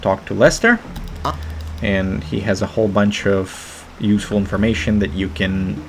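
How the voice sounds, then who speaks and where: A man giving monotone, hesitant game walkthrough commentary with many fillers. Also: on the low side, moderate pace, creaky, a little hiss or hum.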